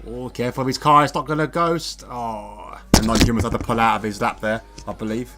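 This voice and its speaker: A man's voice: medium pitch, steady tone, a little fast, very noisy. A man co-commentating a live online racing league, laid-back and self-mocking, laughing at himself often.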